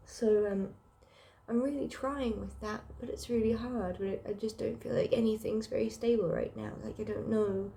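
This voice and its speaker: Low-spirited woman with a gravelly voice. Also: mellow, a little hiss or hum. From South Africa. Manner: emotional, rambling, sighing, many fillers. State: sick and low. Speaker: book vlogger. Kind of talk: casual personal vlog.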